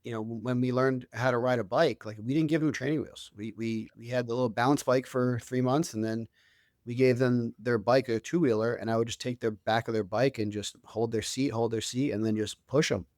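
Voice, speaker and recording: A man's voice: medium pitch, steady tone, a little fast, a little mellow, dry recording, studio quality. A man in his thirties, a guest on an interview show, telling stories in a casual, conversational way with many restarts and fillers. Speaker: guest, author and youth coach.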